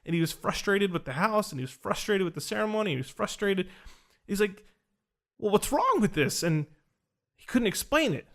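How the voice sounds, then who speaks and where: A man with a slightly raised voice tells a story in a relaxed podcast chat. He talks with animation and acts out the lines of the people in his story. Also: high voice, a little fast. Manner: animated, acts out quoted dialogue. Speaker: podcast host recounting an experience.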